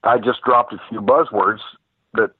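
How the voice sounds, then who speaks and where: A man's voice: fairly low pitch, fairly even intonation, measured pace, breathy edge, no room sound. An older man, a former cop turned private investigator, calling in to tell stories in a rambling way with many fillers and restarts. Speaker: phone-in guest. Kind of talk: casual storytelling. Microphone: telephone. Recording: tinny dry phone line.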